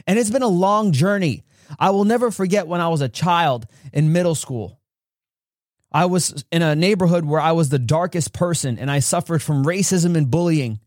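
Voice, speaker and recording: Guy on a podcast telling his own story, kinda high voice, very dry sound, gets emphatic. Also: moderate pace, darkish tone, no room sound. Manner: emphatic, acts out childhood dialogue with rising pitch. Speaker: podcast host. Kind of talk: personal storytelling monologue.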